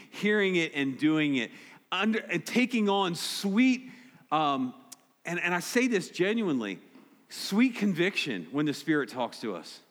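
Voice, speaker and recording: Direct, emphatic pastor in a reverberant hall. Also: male voice, fairly high pitch, a bit bright. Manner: direct, emphatic, repeats key words. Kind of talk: sermon. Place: church sanctuary.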